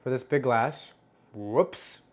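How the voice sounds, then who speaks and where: A slow, somewhat mellow voice of medium pitch belongs to a host making cocktails at home in a casual tutorial. Playful and chatty, they crack self-deprecating jokes and hum while tasting.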